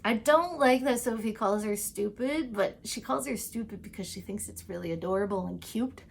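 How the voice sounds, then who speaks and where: A woman with a medium-pitched, breathy voice and some vocal fry gushes through a casual recap of TV episodes. She's chatty, full of "like" and "um," and slips in quick asides acting out the characters' lines. She's a vlogger who covers TV recaps and tarot.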